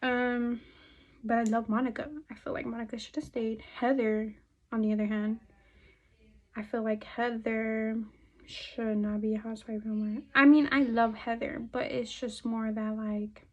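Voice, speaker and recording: A young woman with a slightly high voice talks through her makeup routine in loose, profane chat. She rambles from one topic to the next and now and then drops to a murmur or half-whisper. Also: little pitch movement, normal speed, a little mellow, muffled recording. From California. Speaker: beauty vlogger. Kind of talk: casual chat while doing makeup.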